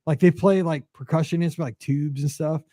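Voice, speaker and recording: Loose and chatty, this forties-aged man hosts a podcast, his fairly high voice moving a little fast as fillers pad each story. Excitement sends his pitch leaping. The audio is close to the mic, dry and free of echo.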